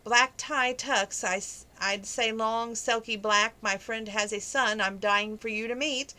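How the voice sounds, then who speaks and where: A woman's voice: a little high, steady tone, unhurried, sharp tone. A woman reading the lines of a fashionable, pushy middle-aged mother with a sugary, prodding manner. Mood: scheming.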